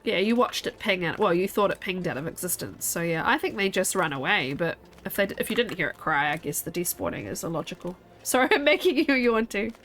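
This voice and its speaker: A young woman streams a game, sleepy and yawning as she chats casually with her viewers. Her voice sits fairly low but swings widely in pitch, with a fairly bright tone and a brisk pace with few pauses. She rambles chattily, talking straight to chat about the gameplay.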